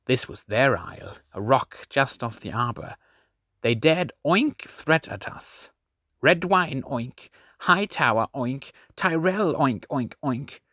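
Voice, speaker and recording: A man's voice: mid-range voice, expressive, slow pace, sharp tone, no echo, clean studio sound, voice pushed up, full character voice. A man reading as a mocking, brutal male pirate captain who jeers and grunts pig noises. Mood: jeering.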